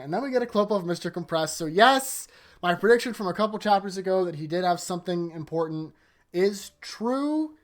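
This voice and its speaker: A YouTuber giving a casual, rambling manga chapter review late at night, tired, leaning on "like" a lot and often trailing off into a quieter voice. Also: medium pitch, expressive, brisk. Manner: rambling, heavy use of "like", sentences often trailing off softer. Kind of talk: casual video commentary.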